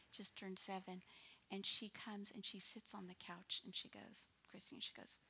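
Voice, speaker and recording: A woman in her sixties giving an earnest personal testimony as a minister, often dropping into a soft, breathy near-whisper. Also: mid-range voice, a little hiss or hum.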